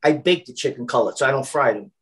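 This man, a Brooklyn, New York personal chef, talks quickly on a video call with lively intonation and a fairly bright, medium-pitched voice, though the recording is rough. Chatty and casual, he piles on fillers and restarts, repeating words at the start.

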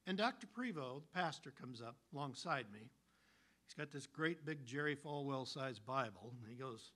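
Bright-voiced storytelling male preacher. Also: mid-range voice, moderate pace. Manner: animated storytelling, folksy. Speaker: pastor. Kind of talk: sermon.

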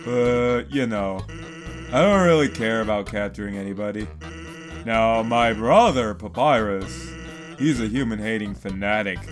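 A man doing Sans, a low lazy skeleton. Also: unhurried, faint music behind, natural voice. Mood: laid-back. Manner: low lazy drawl, some lines whispered. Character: lazy joking skeleton, male, laid-back.

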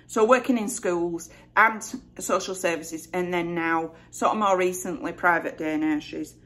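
A woman's voice: on the low side, normal speed, fairly bright tone. A middle-aged woman from Bradford with a West Yorkshire accent, chatting casually and rambling through a Q&A vlog. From Bradford, England. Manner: chatty, rambling, self-correcting. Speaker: vlogger. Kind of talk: casual Q&A chat.

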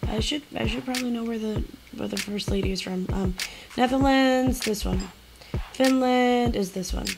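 A woman's voice: on the high side, moderate pace, vocal fry, background noise. A young woman, playing a quiz and muttering to herself while laughing at her mistakes. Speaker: YouTuber. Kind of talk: casual quiz-playing chat. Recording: music playing underneath.

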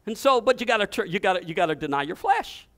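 A man's voice: high voice, very animated, fast, a bit bright. A male pastor preaching a fervent storytelling sermon, often repeating and restarting his words.

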